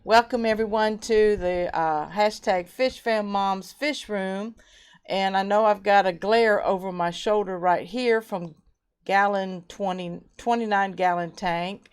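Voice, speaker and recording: Slow-talking woman hosting a live stream. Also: mid-range voice, clear, resonant tone. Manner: reads viewer comments aloud and greets them warmly by name. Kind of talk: casual live stream chat. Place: home fish room. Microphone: webcam.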